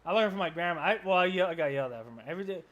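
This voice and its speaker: A man with a notably high voice who presses his point again and again in casual banter. He talks in an insistent, argumentative way. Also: expressive, rapid-fire, fairly bright tone, highs cut off. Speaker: podcast co-host.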